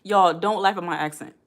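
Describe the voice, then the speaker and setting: A woman around forty hosting a casual live stream, chatting and reading viewer comments aloud. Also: fairly low pitch. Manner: chatty, addresses the chat directly, reads comments aloud.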